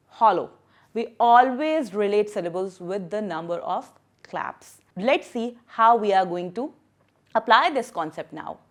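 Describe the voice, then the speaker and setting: A woman teaching primary school English in a recorded lesson, patient and emphatic, repeating and stressing words for young learners. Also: medium pitch. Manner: lively and emphatic, stressing syllables and key words.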